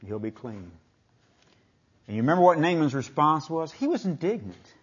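An older man preaching a sermon in a folksy way, retelling scripture in plain speech and swinging from booming declarations to near-whispers. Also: expressive, fairly quick, slightly rough, lo-fi sound.

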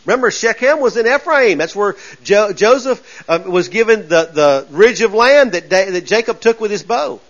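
A male preacher delivers a folksy, animated sermon and throws himself into acting out the voices. His voice sits high, and the recording sounds dull and lo-fi. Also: normal speed, few pauses.

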